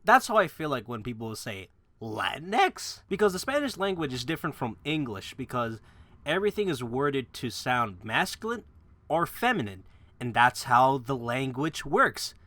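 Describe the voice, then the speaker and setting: Man, bright tense voice, casual profane rant, rambling, laughs between points, dry sound. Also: mid-range voice, sing-song, normal speed, no room sound. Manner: loose rambling with restarts and fillers. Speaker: gaming video creator. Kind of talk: casual opinion rant to camera.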